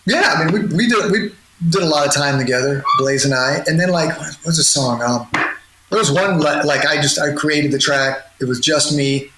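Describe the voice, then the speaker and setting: A man's voice: on the high side, normal speed, pushed and bright. A middle-aged man, a music producer, telling loose stories in an interview, rambling with restarts and laughs. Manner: rambling, laughing, many restarts and quoted voices. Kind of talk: casual storytelling in a podcast interview. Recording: roomy sound with noticeable noise.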